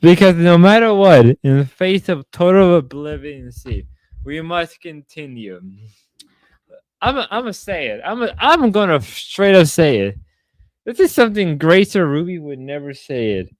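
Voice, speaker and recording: A man's voice: on the high side, sing-song, measured pace, dry recording. A drunk man livestreaming in casual chat, rowdy and rambling, whooping between lines.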